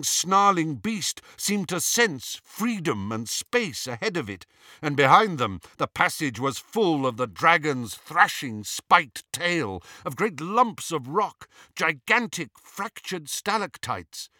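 Male audiobook reader, dramatic delivery, slightly high voice, dry close sound. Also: no room sound. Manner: dramatic, expressive reading with acted shouts. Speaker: audiobook narrator. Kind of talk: scripted audiobook narration.

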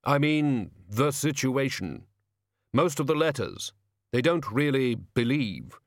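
A man reading a storybook, voicing a solemn hooded male gift-giver who speaks in a heavy, puzzled, slow way. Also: mid-range voice, lively intonation, no echo, studio quality. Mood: grave.

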